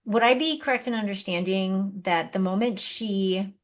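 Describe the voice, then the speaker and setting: A woman's voice: medium pitch, moderate pace. Woman host asking a follow-up question. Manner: checks her understanding with careful questions. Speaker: podcast host. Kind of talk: interviewing.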